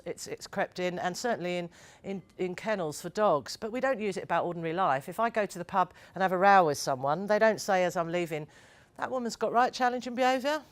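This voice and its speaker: A woman speaking to a live audience as a co-presenter, frank and opinionated in her plain-spoken way. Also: on the low side.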